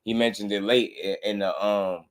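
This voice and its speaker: A young man hosting a casual boxing livestream, animated and slangy, laughing often and mimicking people. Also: lowish voice, moderate pace. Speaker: boxing commentary host.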